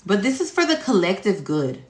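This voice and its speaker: A woman's voice: medium pitch, very animated, normal speed. A woman tarot reader talking in a casual, rambling spiritual monologue, blunt and full of cursing and fillers. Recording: echoey room.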